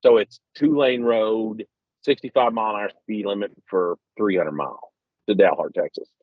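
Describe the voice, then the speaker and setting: Phoning into a podcast where he's a regular guest, this Missouri man in his fifties spins a long, meandering tale at his own expense. He speaks at an ordinary pace in a lowish voice. The recording is dry, and the phone audio sounds muffled and lo-fi.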